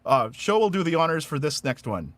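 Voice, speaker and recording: A man's voice: on the high side, sing-song, a little fast, a bit bright, no echo. A man hosting a casual live radio-style show, rambling and hesitant, laughing often.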